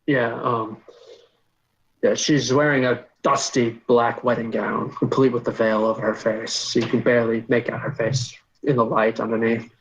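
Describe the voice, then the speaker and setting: A man's voice: mid-range voice, flat delivery, low-quality recording. A man running a tabletop game as game master, describing scenes casually with frequent fillers and restarts. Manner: casual, halting, lots of fillers.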